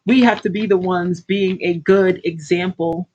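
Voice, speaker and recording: A woman's voice: on the low side, steady tone, measured pace, a little mellow, slightly rough, dull audio. A middle-aged woman coaching her livestream viewers, blunt, preachy and full of swearing. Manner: blunt, heavily profane, preachy. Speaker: life coach hosting a livestream. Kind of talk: casual livestream pep talk.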